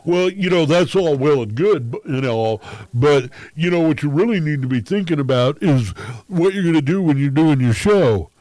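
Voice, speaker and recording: A man's voice: mid-range voice, animated, brisk, darkish tone, no room sound. A man mimicking a condescending friend who lectures and cuts people off mid-answer. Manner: belittling, interrupting, preachy.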